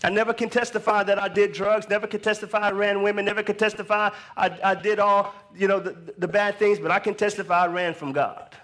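A man in his thirties preaching a sermon, swinging from hushed storytelling to raised exhortation, with call-and-response lines. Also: high voice, flat delivery, brisk, few pauses. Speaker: pastor.

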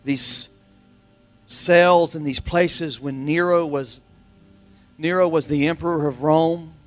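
A middle-aged man preaching a sermon as pastor, driving points home with emphatic repetition and swings from hushed to loud. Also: on the high side.

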